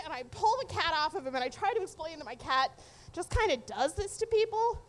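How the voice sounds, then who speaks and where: A woman's voice: very high-pitched, very animated, normal speed, fairly bright tone. A young adult woman telling a personal story to an audience, candid, profane and wry.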